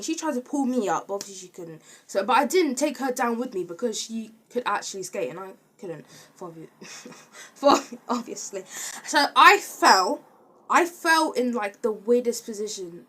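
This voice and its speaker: Chatty young woman, slightly high. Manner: chatty, rambling, animated with filler words. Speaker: vlogger. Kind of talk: casual storytime.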